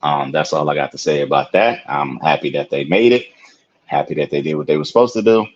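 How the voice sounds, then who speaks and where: A man with a very low, husky voice talks in a loose, rambling way, full of fillers and asides. He is a podcast co-host in his thirties. The audio is dull and lo-fi, like a remote call. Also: fairly quick. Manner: laid-back, rambling with lots of fillers and "you know what I'm saying". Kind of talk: casual podcast chat. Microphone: video call.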